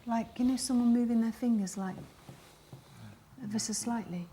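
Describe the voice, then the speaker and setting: A woman hosting a ghost-hunt vigil, pleading softly and startling easily. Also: on the high side, moderate pace, a little hiss or hum. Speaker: paranormal investigation host.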